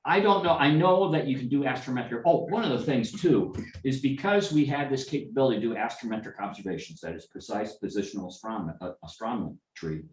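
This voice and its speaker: A man's voice: medium pitch, brisk, few pauses. A middle-aged man telling rambling, anecdotal stories at an informal club meeting, with many restarts and asides. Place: meeting room. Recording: echoey room, speaker far from mic.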